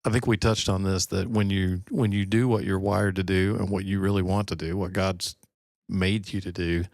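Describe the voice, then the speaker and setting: A man's voice: sits low, little pitch movement, normal speed, darkish tone, no echo, clean studio sound. A middle-aged man co-hosting a podcast in casual chat, rambling and often breaking off mid-sentence. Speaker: podcast co-host.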